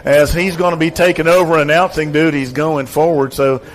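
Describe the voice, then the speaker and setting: A man's voice: a little high, fairly even intonation, normal speed, close to an everyday voice, rough recording. A man doing an impression of an older male stadium announcer who is choked up as he gives his farewell to the crowd. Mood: emotional farewell. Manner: choked-up, sentimental farewell address.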